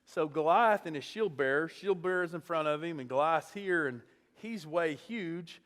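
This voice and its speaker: A man preaching a sermon as a pastor, retelling a story with lively storytelling and acting out the characters. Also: fairly high pitch, normal speed, long reverb tail. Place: church sanctuary.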